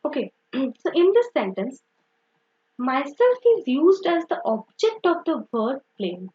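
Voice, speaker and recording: Patient and a little repetitive, a young woman walks through grammar using "okay" and "so" as fillers and correcting herself along the way. Her voice is high and very lively, jumping up and down, and the recording is dull and lo-fi.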